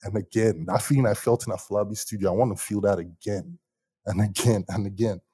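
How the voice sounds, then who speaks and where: A young man telling stories about his music start in a casual interview, animated and slangy, laughing often. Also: fairly low pitch, fairly quick, husky. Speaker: musician guest.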